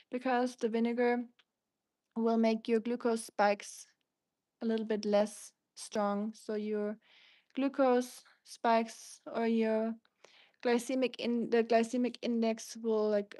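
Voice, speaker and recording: A woman's voice: on the high side, mellow, dry recording. A woman from Germany with a German accent, hosting a casual livestream and chatting through viewer comments in a rambling way. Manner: chatty, rambling, reads out comments and answers them. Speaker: livestream host.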